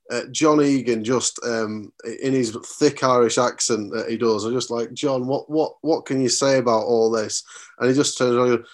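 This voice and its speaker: A man, a radio sports reporter and commentator telling stories as a guest in a casual podcast chat. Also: mid-range voice. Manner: reminiscing storyteller, chatty and earnest.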